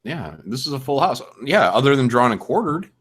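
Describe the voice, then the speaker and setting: A man's voice: mid-range voice, sing-song, fairly quick, breathy edge. A man chatting casually on a podcast, rambling and joking about himself with frequent restarts. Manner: rambling, self-deprecating, many restarts. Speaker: podcast panelist. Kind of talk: casual chat.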